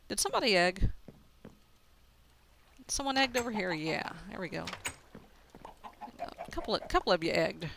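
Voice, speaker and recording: A woman's voice: medium pitch, fairly bright tone, a little hiss or hum. A woman casually commenting on her own gameplay, talking to herself and laughing at her mistakes. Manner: chatty, self-narrating, laughs at mistakes. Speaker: let's play gamer.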